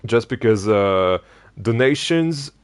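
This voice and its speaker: A man streaming a game, chatting casually and rambling with many hesitations, his voice going a little hoarse. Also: mid-range voice, lively intonation, takes it slowly. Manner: rambling, hesitant, hums tunes softly. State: losing his voice. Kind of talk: casual live-stream chat while playing.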